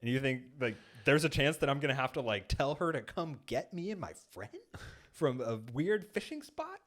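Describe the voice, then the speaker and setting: A man's voice: medium pitch, very animated, moderate pace. A man co-hosting a podcast, telling a long casual story in a studio, full of "like" and acted-out quotes. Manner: rambling, heavy use of "like", acts out quoted lines. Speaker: podcast co-host. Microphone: studio microphone.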